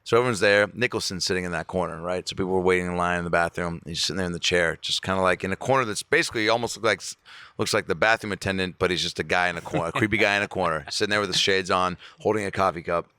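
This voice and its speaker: Man, very deep voice, profane animated storyteller, dry mic. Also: racing, clear, resonant tone, dry recording. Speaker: comedian guest. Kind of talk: casual podcast chat.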